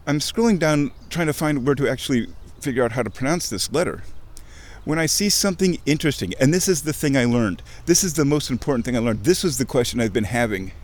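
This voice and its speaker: A man talking in a rambling, excitable casual monologue while walking outdoors by a creek, interrupting himself and swearing casually. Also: mid-range voice, fast talker. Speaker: vlogger.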